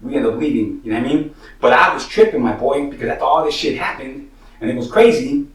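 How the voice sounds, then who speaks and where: A man's voice: mid-range voice, lively intonation, brisk. A man from San Jose, telling his own street stories in profane slang and filling his talk with "you know what I'm saying" and "money.". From San Jose, Northern California. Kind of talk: casual street storytelling. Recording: roomy, distant mic.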